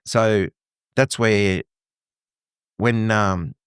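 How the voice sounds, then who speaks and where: A man's voice: on the low side, fairly even intonation, extremely slow, smooth, no echo, studio quality. A middle-aged man from Lebanon, a guest telling his story with animation and acting out quoted dialogue. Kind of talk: conversational interview.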